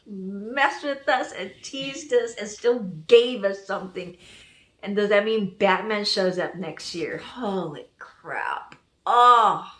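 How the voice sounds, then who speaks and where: A woman giving an excited reaction review of a TV episode, gushing and thinking out loud as she goes. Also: medium pitch, reverberant.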